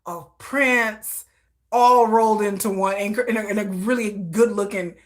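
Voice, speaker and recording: A woman hosting a livestream, chatting casually and telling animated personal stories, acting out quotes and laughing often. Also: mid-range voice, unhurried. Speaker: livestream host. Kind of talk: casual chat.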